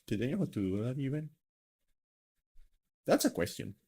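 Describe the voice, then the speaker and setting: A man's voice: mid-range voice, big pitch swings, moderate pace, mellow, breathy edge. A man hosting a live stream, chatting casually in a rambling, self-mocking way with lots of fillers. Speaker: streamer host.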